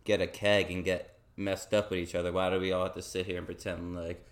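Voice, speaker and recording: A man's voice: sits low, monotone, brisk. A man co-hosting a podcast, talking in a hesitant way full of fillers. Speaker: podcast co-host. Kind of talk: casual film discussion.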